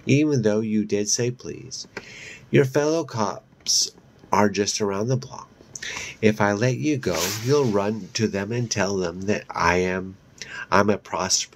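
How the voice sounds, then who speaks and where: A man reading a horror audiobook voices a centuries-old female vampire who taunts her prey in a sugary, mocking tone. She speaks low and unhurried with slow menace, her cruelty coming across as playful, over slight background noise.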